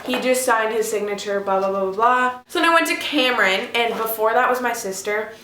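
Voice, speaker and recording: A woman's voice: a little high, brisk, bright, forceful tone, slight background noise. A teenage girl telling a story in a casual vlog, gushing and chatty, saying "like" constantly. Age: teens. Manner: chatty, gushing, heavy use of "like". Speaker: vlogger. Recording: echoey room.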